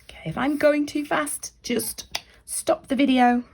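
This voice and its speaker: A woman leads a children's drawing tutorial in a chatty, encouraging way, often dropping into soft whispered asides. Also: high-pitched, steady tone, measured pace, creaky. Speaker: library staff member leading a craft activity.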